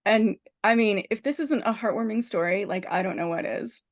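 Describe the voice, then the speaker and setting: A woman hosting a podcast, her voice sitting at an ordinary middle pitch. She retells a film's story in a lively, rambling way, full of "like" and self-corrections, as if chatting with friends. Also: normal speed. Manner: animated storyteller, heavy use of "like" and restarts. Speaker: podcast host. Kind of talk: casual podcast chat retelling a film plot.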